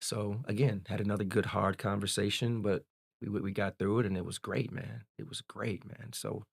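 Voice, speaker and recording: Man in his forties, lowish candid storyteller. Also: moderate pace, vocal fry, husky. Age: 40s. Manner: candid, animated retelling, peppered with "man". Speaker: podcast guest. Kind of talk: casual storytelling.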